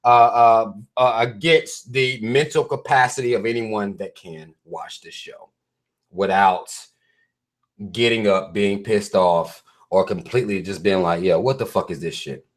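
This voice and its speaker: A man's voice: lowish voice, measured pace. A man hosting his own live stream, reading out memes and articles and ranting about them bluntly with heavy profanity. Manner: reads memes and articles aloud to viewers.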